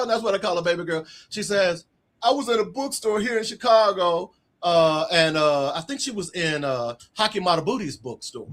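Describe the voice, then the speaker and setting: Animated middle-aged male storyteller. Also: sits high, moderate pace. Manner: animated storyteller acting out quoted dialogue. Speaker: author guest. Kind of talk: casual storytelling interview.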